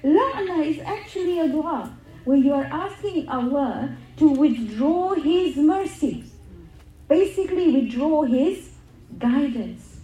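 A woman's voice: sits high, expressive, takes it slowly, dark tone, echoey room, rough recording. A middle-aged woman giving an earnest religious talk, telling stories and repeating words for emphasis. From England. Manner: earnest storytelling with emphatic repetition. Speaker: religious speaker.

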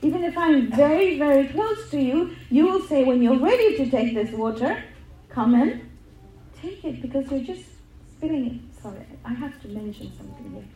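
A woman's voice: high voice, lively intonation, normal speed, warm tone, echoey room, lo-fi sound. A middle-aged woman giving an earnest religious talk, telling stories and repeating words for emphasis. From England. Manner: earnest storytelling with emphatic repetition. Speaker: religious speaker.

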